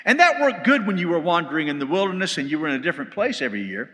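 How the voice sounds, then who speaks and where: A man gives a sermon-style Bible lecture with a lively, swooping pitch and a bright, forceful tone. His voice sits a little high for a man. The live church hall recording carries a long reverb tail. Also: racing. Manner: animated storytelling, shouting quoted lines. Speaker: Bible study teacher.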